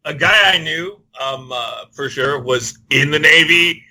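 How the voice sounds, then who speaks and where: A man's voice: fairly high pitch, measured pace, bright, forceful tone, poor audio. A man on a podcast who talks in a laid-back way and swears casually. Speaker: podcast guest.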